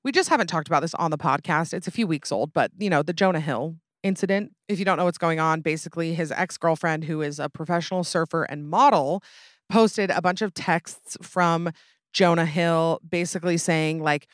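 A young adult woman, hosting a casual solo podcast in a chatty, animated way with frequent asides. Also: low voice, a little fast, no room sound, studio quality. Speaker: podcast host.

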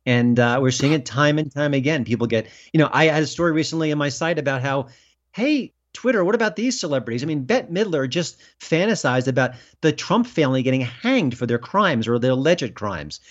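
A man being interviewed as a film critic, talking emphatically and rising in pitch when indignant. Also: animated, a little fast, hardly any pauses. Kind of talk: political interview. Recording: dull lo-fi sound.

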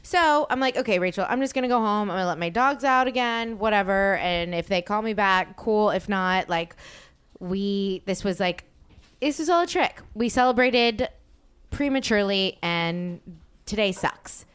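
A young woman hosting a podcast, telling a story in casual chat, animated and swearing often. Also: medium pitch, normal speed, smooth. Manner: animated, swearing, slips into excited quoted voices. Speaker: podcast host.

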